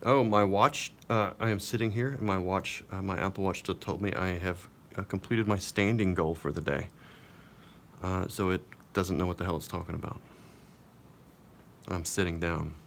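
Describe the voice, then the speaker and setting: A man with a lowish voice chats casually to his stream viewers while he draws at his desk. His talk rambles and he mutters self-mocking remarks as he works. A faint low rumble sits under the recording. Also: fairly even intonation, moderate pace, vocal fry, fairly bright tone. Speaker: comic artist streaming live drawing. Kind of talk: casual live-stream chat. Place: seated at a drawing desk.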